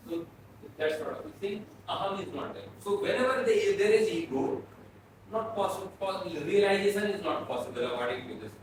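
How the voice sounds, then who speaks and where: Lecturer, male, from Bhutan; slow, repetitive explanations, distant mic in an echoey classroom. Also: high-pitched, lively intonation. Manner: explains slowly, repeating and restarting phrases. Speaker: philosophy lecturer. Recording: echoey room, mic far off, faint noise.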